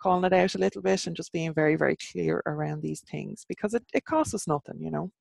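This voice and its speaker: A woman's voice: sits low, quick pace, creaky, a little mellow, no echo. An Irish woman hosting a podcast interview, talking in a frank, wry way and laughing easily. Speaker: podcast host. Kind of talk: casual interview chat.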